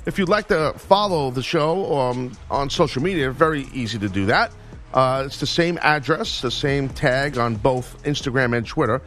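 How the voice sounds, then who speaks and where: A man's voice: mid-range voice, a bit bright. A man with a Southern US accent hosting sports radio in a studio, joking and boasting playfully. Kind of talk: casual radio banter. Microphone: studio mic.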